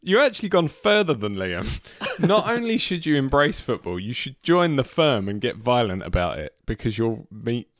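A man's voice: mid-range voice, very animated, normal speed, hardly any pauses, a bit bright, no room sound, studio quality. A man, a podcast co-host, giving wry, mock-earnest advice in casual comedic chat.

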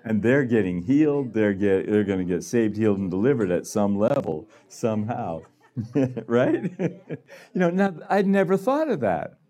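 A man's voice: on the low side, expressive, moderate pace, dark tone. A man giving a conversational sermon to a gathering, laughing often and acting out little voices. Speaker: healing room director speaking.

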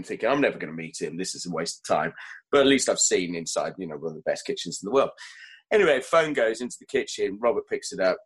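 A man's voice: on the low side, fairly bright tone, slightly rough, rough recording. Man telling kitchen anecdotes. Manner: anecdotal, self-deprecating, laughs at his own stories. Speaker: chef, interview guest. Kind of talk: relaxed storytelling in conversation.

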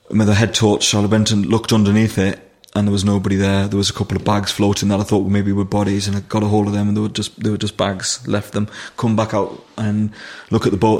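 Middle-aged guy telling a story, low gravelly voice, lots of restarts. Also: a little mellow. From Nottingham, England. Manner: vivid, halting retelling with restarts and dialect grammar. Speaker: guest, firefighter. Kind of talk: storytelling in an interview.

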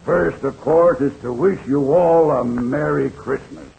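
A man's voice: a little high, gravelly, narrow, tinny audio. A man reading a sponsor's letter in a solemn, formal 1930s radio address. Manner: solemn, formal, measured delivery.

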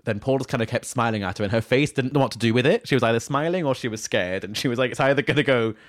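A man's voice: mid-range voice, very fast, no room sound. A man co-hosting a podcast in casual chat, dry and teasing with cheeky asides. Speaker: podcast co-host.

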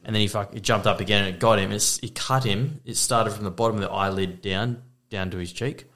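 Blunt Australian dad, low voice. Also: male voice, a little fast. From Queensland, Australia. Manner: blunt, swearing, deadpan one-liners. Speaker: podcast co-host. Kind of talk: casual chat.

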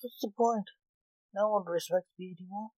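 A woman's voice: mid-range voice, normal speed, mellow, no echo, natural voice, low-quality recording. A woman voicing a gloomy, world-weary male King of Death in a storybook reading.

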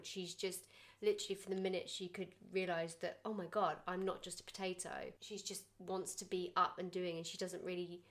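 Young woman, podcast host, chatty and animated, slightly low pitch. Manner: chatty, animated, acts out quotes. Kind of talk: casual chat.

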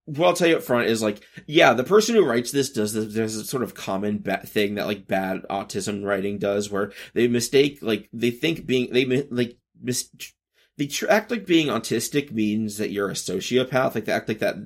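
A man in his thirties talks through a loose podcast monologue with a low, gravelly voice. He stops and restarts often and swings between bursts of energy and quieter, subdued stretches. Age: 30s. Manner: halting, self-interrupting, shifts between high energy and subdued. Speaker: podcast host. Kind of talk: rambling casual monologue.

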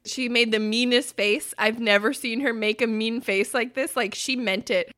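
Bright, clear-voiced woman podcast host. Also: on the high side, fairly even intonation, moderate pace. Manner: swearing, storytelling, laughs loudly. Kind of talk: casual chat.

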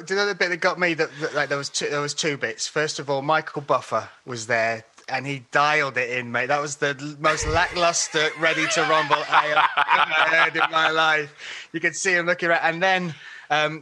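A man chatting on a podcast, excitable and laughing as he talks, often mimicking what others said. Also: fairly high pitch. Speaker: podcast panelist. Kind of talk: casual chat.

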